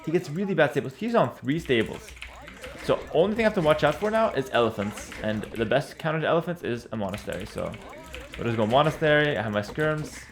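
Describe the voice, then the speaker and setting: A man casually commentating his own strategy game as he plays, relaxed and confident, often repeating and slurring his words. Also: a little high, fast talker. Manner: stumbles, repeats and slurs words. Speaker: streamer playing a strategy game. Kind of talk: casual live gameplay commentary.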